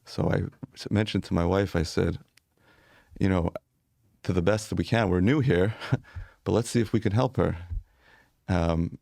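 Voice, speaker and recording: Deep gravelly rabbi telling stories. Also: male voice, mellow, no echo, studio quality. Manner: earnest storytelling with light laughs. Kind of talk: conversational interview.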